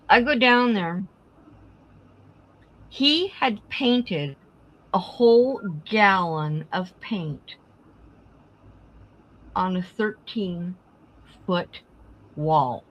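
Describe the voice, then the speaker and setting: A woman's voice: on the low side, a bit bright, poor audio. A middle-aged woman hosting a craft live stream, casually telling family stories and acting out the dialogue. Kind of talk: casual storytelling chat.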